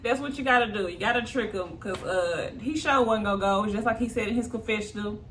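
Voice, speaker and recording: A woman's voice: medium pitch, a little fast, slight background noise. Laughing woman recapping a reality show. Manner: laughs often, gossipy and animated, acts out quotes. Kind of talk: casual recap commentary.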